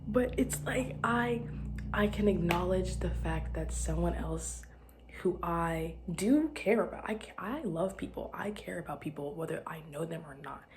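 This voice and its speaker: A woman's voice: on the low side, lively intonation, moderate pace, slight background noise. Sleepy rambling young woman, lightly Southern. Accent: light Southern American. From Arkansas. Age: young adult. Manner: sleepy, rambling, often drops to a whisper. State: tired. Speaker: podcast host. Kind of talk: casual solo podcast rambling.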